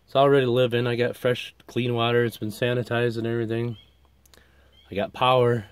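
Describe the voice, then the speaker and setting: A man's voice: medium pitch, little pitch movement, fairly quick, clear, resonant tone. A middle-aged American man, out of breath, gives a casual, plainspoken tour of his camper van and chuckles often. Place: inside a small camper van.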